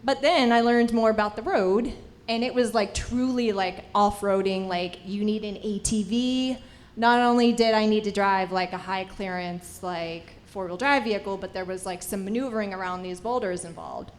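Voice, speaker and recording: A woman's voice: mid-range voice, moderate pace. A woman on a film panel, hesitant at first, telling a casual story about working as a producer's assistant. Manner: hesitant, thinking aloud.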